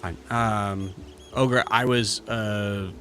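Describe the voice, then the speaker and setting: A man running a tabletop game as game master, describing items in halting, filler-heavy casual speech. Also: on the low side, steady tone, fairly bright tone, faint music behind.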